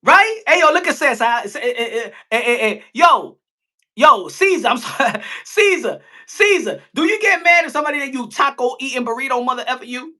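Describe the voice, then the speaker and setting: A man's voice: extremely high pitch, animated, fairly quick, bright, forceful tone. A man hosting a boxing live stream, talking animatedly and crudely and slipping into mocking impressions.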